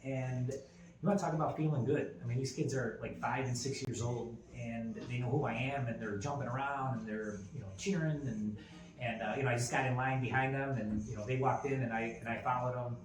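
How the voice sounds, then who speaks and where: A man's voice: medium pitch, steady tone, a little fast. A man in his forties co-hosting a podcast, telling a story in casual chat with lots of fillers and restarts. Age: 40s. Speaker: podcast co-host. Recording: roomy echo with faint ambient noise.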